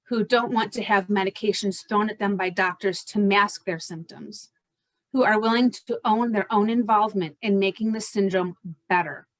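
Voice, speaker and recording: A woman in her forties, a fibromyalgia coach, telling her own story and pitching her coaching in an earnest, direct way. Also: no echo. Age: 40s. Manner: earnest, direct, listing points steadily.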